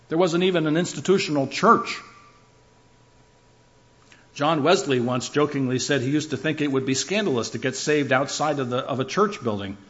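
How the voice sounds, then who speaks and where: A man's voice: medium pitch, dull audio. A man preaching a sermon, building his points through rhythmic lists and shifts in emphasis. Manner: emphatic, rhythmic lists with rising and falling delivery.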